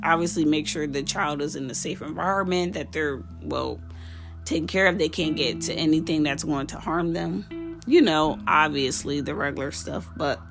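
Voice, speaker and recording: A woman's voice: low-pitched, moderate pace, vocal fry, over music. A woman hosting a parenting podcast, giving casual advice in an earnest, heartfelt and direct way. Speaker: podcast host.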